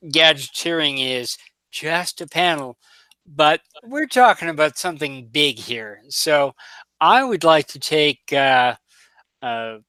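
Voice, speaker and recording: A man playing a tabletop game, thinking aloud haltingly with many pauses. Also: fairly high pitch, sharp tone, clean tone, dry recording. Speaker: player.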